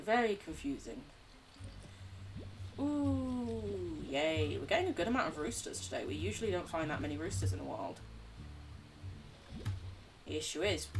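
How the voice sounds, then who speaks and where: A young woman streaming a game, chatting casually and warmly to her chat. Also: deep voice, recorded from a distance, a little hiss or hum. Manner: chatty, bubbly, talks to chat. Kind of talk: casual gameplay commentary.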